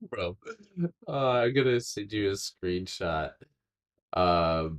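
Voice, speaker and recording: A man hosting a live stock trading stream, chatting casually and excitably with laughing asides. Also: low voice, slow.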